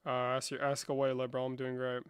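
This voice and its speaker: A man hosting a livestream in a casual, profane, slangy manner, saying "bro" a lot and swinging between low muttering and loud outbursts. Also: completely flat delivery, fast talker, clean tone, no room sound, studio quality. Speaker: livestream host.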